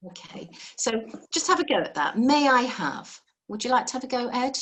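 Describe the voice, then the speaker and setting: A woman's voice: a little high, big pitch swings, normal speed. A woman teaching a live beginner language lesson over a video call, patient and encouraging, explaining step by step.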